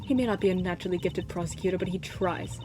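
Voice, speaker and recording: A woman plays a sincere young prosecutor, firm in defending someone. The voice runs a little low over clear game music. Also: fast, close to an everyday voice. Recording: game music playing behind.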